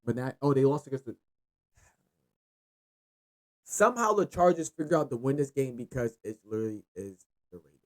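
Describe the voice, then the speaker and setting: This sports picks host has a medium-pitched voice and talks briskly, pausing often. He rambles loosely through the games, cursing freely in a lively, easy, unscripted monologue.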